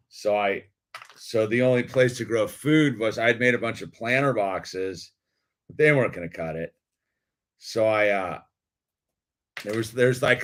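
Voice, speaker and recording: A man's voice: fairly low pitch, fairly bright tone. A middle-aged man telling a rambling story in laid-back slang, calling everyone dude and laughing often. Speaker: video creator.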